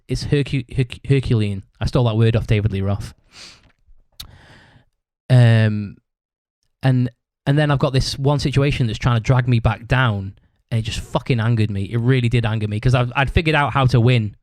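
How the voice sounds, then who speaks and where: Casual male podcaster, sweary rambling storyteller, mid pitch, dry sound. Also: no room sound. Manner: acts out other people's shouted lines. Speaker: podcast host.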